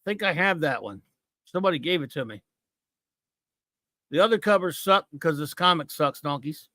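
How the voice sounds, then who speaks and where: On a comics talk show, the middle-aged American host delivers scornful, repetitive rants mocking a comic. His voice is on the high side, bright and forceful, expressive and at normal speed. The recording is clean studio audio with no room sound.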